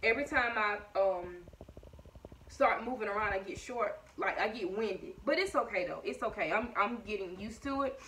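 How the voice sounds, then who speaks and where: A woman's voice: mid-range voice, normal speed, fairly bright tone, a little hiss or hum, rough recording. Breathless chatty woman. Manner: chatty, addresses viewers as y'all. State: short of breath. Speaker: vlogger. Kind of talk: casual chat to viewers. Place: at home indoors.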